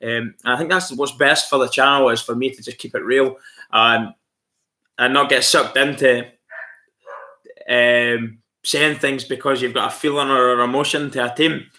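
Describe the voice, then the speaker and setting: A man's voice: mid-range voice, steady tone, normal speed, pushed and bright. A man hosting a casual live stream, chatty and rambling with lots of fillers. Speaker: livestream host.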